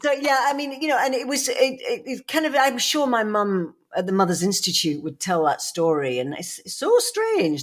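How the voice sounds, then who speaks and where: A woman's voice: fairly high pitch, big pitch swings, moderate pace, few pauses. A woman co-hosting a podcast, telling rambling anecdotes with laughs and many "you know"s. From England. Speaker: podcast co-host. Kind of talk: casual storytelling chat.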